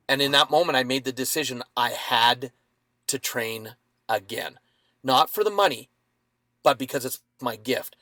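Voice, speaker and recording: A man in his fifties telling a dramatic personal story as a podcast guest, with lively acted-out quotes. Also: medium pitch, normal speed, no room sound.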